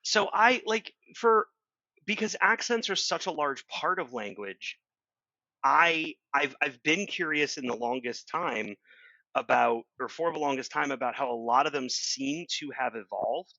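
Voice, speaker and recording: A man in casual podcast chat with a gravelly, bright, forceful voice. He stammers and restarts often, and his musing turns easily into jokes. The recording is dry and slightly dull, with little high end. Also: animated, no room sound. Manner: halting, stammering, quick to joke. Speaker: podcast co-host.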